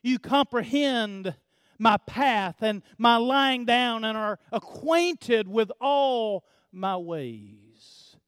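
A male pastor preaching a sermon, swinging from hushed low passages to loud emphatic build-ups, often repeating words as he builds. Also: expressive, very slow, clean tone, no echo, studio quality.

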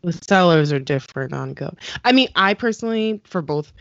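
A woman's voice: lowish voice, animated, brisk, no echo. A woman chatting casually about sneakers, with a lot of "like" fillers. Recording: dull, lo-fi sound.

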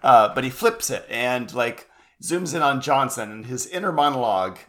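A man's voice: medium pitch, expressive, normal speed, fairly bright tone. Easygoing male podcast co-host, dry humor, conversational explaining. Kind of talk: casual chat recapping a show.

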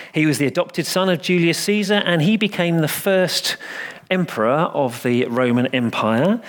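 A man preaching a Christmas sermon, a humorous, self-deprecating storyteller who slows down for emphasis. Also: medium pitch, a bit bright.

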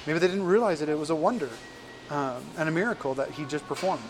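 A man's voice: a little high, animated, quick pace, music in the background. A man preaching a casual sermon, retelling scripture in everyday, conversational language.

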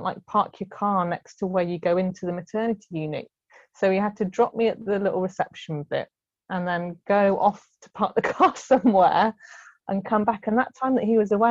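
A woman's voice: mid-range voice, a little mellow, no room sound, muffled recording. A woman telling a personal story in casual conversation, chatty with frequent ums and laughs. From United Kingdom. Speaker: guest sharing birth story.

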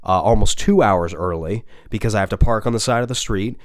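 A man, a voice actor and podcast co-host, telling an animated, rambling story with some swearing in casual chat. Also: on the low side, brisk, dry recording, studio quality.

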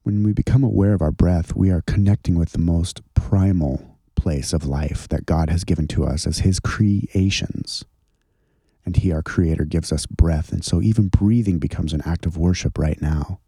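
A man with a very low, gravelly voice leads a guided contemplative prayer. His tone is dark and husky, slow and gentle. The sound is dry and close. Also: no room sound. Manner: slow, gentle, soothing guidance. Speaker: pastor leading guided prayer.

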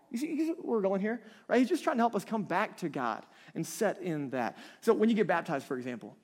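A man in his thirties preaching a conversational sermon, animated and chatty, laughing lightly between points. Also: sits high. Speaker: pastor.

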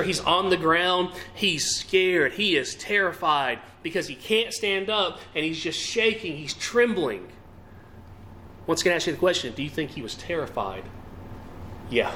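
Animated male preacher with a lively voice. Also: a little high, a little hiss or hum. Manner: asks the congregation questions, emphatic rising and falling delivery. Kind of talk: sermon.

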